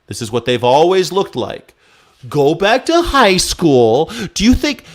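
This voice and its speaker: A man with a somewhat high voice hosts a live stream. He rants with anger and sarcasm and swears freely as he heckles the clips he plays. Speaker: host reacting to news clips. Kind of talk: live-stream political rant.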